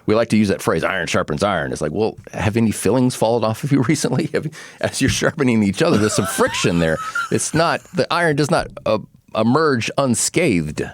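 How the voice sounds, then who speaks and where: A man's voice: mid-range voice, a little fast. A man hosting a podcast, telling stories casually and acting out quotes with frequent laughs. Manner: animated storyteller, acts out quotes, laughs often. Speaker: podcast host.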